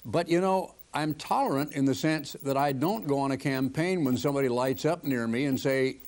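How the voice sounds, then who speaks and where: Older man preaching, lively swooping voice. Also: mid-range voice, normal speed. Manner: earnest, conversational preaching with emphatic rises. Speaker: television preacher. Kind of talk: televised sermon talk.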